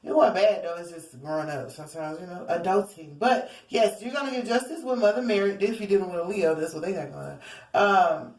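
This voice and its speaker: A woman's voice: lowish voice, brisk, darkish tone. A woman giving a casual tarot reading to her viewers, rambling and theatrical, often calling them y'all. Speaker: tarot reader. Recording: roomy echo, distant from mic.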